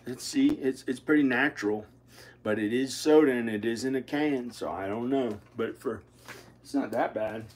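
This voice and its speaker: A man's voice: medium pitch, darkish tone. Rambling man with a noisy home recording. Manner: rambling, halting, repeats himself. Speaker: vlogger. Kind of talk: rambling casual vlog. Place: home kitchen.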